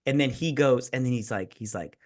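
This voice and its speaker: A woman's voice: rumbling low, a little fast, a little mellow. A tipsy woman co-hosting a casual movie review chat, rambling and profane with lots of restarts. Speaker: podcast co-host.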